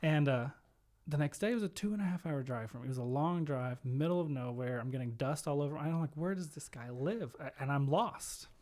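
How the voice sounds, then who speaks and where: Man telling stories with animated quoted voices. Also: fairly high pitch, brisk. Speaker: podcast guest, home care executive. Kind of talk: conversational storytelling.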